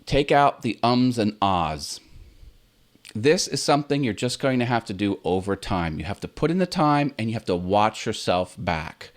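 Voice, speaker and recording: A relaxed man chats casually as he hosts his own video channel, sharing tips and acting out how a sentence should sound. His voice comes through a computer's built-in webcam in a home set full of toys and games. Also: lowish voice, normal speed. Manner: relaxed, chatty, demonstrates with own intonation. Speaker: YouTube channel host.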